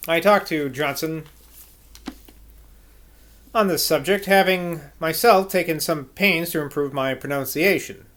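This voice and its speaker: A man's voice: fairly high pitch, a bit bright. A man reading an old book aloud in a casual way, correcting himself and talking to himself between passages. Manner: informal, self-correcting, talks to himself. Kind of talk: casual read-aloud narration.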